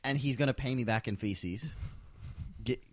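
A man co-hosting a casual podcast, joking and teasing his friends with deadpan asides. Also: medium pitch, moderate pace, dry recording. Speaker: podcast co-host. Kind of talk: casual banter. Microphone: studio mic, one shared channel.

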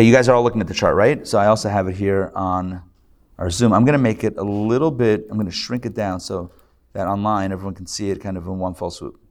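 A man, a rabbi, teaching a live class in a joking, conversational way and checking in with his audience. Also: on the low side. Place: lecture room with a live audience and online viewers.

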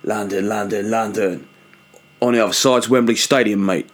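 A man's voice: on the low side, fairly even intonation, normal speed, natural voice. Man doing a brash mock-Australian tour guide. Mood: cheery. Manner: brash, sweary, shouting "oi oi". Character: cheery male London tour guide, slipping into Australian.

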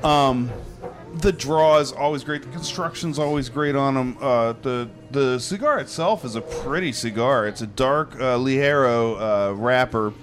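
A man's voice: medium pitch, measured pace, faint music behind. A man co-hosting a casual chat show, talking in an easygoing, enthusiastic way and rambling as he describes things. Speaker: co-host.

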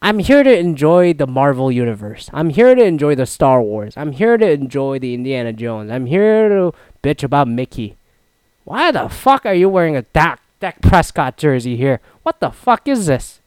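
Profane rambling man, smooth dry voice. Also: medium pitch, dry recording. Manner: rambling, swears a lot, loud mock outbursts. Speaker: vlogger recapping a solo trip. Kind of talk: casual profane storytelling.

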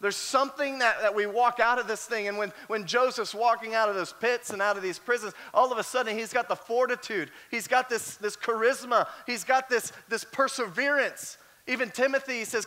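A man delivering a sermon in a high, bright and forceful voice. He tells personal stories with animated energy and often repeats words as he pushes forward. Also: brisk, few pauses. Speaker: pastor.

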